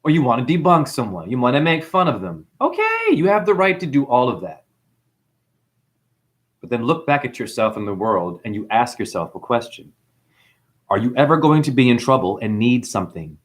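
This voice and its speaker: New Zealand-accented man, livestream host, rambling and preachy, very lively pitch. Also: normal speed. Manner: rambling, preachy, calls listeners honey. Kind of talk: livestream monologue reading chat.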